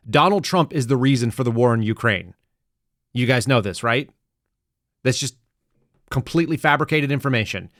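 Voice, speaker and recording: A man's voice: medium pitch, dry recording, clean studio sound. A man hosting a podcast, delivering sarcastic, rambling political commentary with frequent restarts. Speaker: podcast host.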